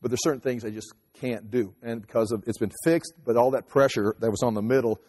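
A man in his fifties telling a personal story casually, rambling with many halting restarts. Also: mid-range voice, fairly even intonation, a little mellow. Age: 50s. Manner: rambling, halting restarts, acts out voices in quotes. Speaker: teacher and speaker. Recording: long hall reverb.

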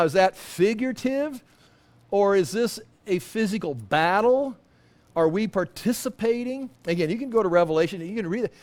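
A man teaching from the Bible in an informal sermon, rambling and breaking off mid-sentence, with humorous asides. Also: high voice. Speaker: preacher.

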